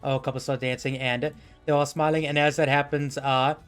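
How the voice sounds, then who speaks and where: A man's voice: medium pitch, flat delivery, moderate pace, smooth, soft background music. A man narrating as the game master of a tabletop game, rambling and full of fillers.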